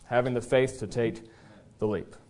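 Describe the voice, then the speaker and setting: A man preaching a sermon as pastor in a church service, in a folksy, conversational way with frequent "uh" pauses. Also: medium pitch, fairly even intonation, darkish tone. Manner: tells a joke story then presses the point earnestly.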